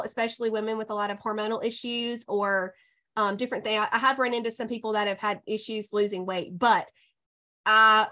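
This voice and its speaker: A woman hosting a casual podcast chat, effusive and quick to laugh. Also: mid-range voice. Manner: warm, effusive, laughs often. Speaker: podcast host and health coach.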